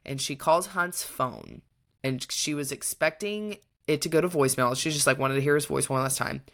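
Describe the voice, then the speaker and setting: Low-voiced woman retelling a book. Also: moderate pace. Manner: animated retelling, acts out characters' lines. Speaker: podcast co-host. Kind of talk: casual book-review chat.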